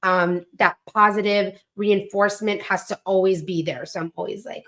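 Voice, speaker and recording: A chatty woman talking about family life on a podcast. Her voice sits at a middling pitch and turns animated whenever she mimics her children. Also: normal speed. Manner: chatty, animated when quoting her kids. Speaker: podcast co-host, mother. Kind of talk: casual chat.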